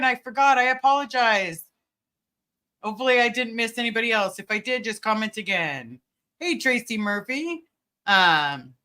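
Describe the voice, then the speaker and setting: Bright-voiced woman chatting on a livestream. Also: mid-range voice. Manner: greets viewers by name, chatty, many fillers. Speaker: livestream host. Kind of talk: casual livestream chat.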